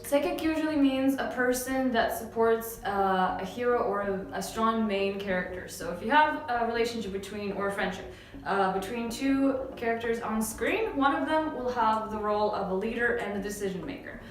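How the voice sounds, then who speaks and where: A young woman from Canada, explaining English phrases in a relaxed, chatty lesson with many fillers. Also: a little high, moderate pace. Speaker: English teacher. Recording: very echoey room with faint music.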